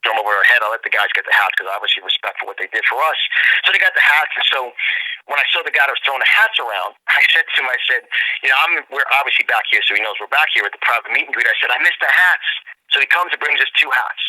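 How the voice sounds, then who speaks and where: Fast-talking, gushing man. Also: medium pitch, expressive, pushed and bright, dry recording, poor audio. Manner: gushing, enthusiastic, many word repeats and restarts. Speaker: interview guest. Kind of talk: excited storytelling in a radio interview.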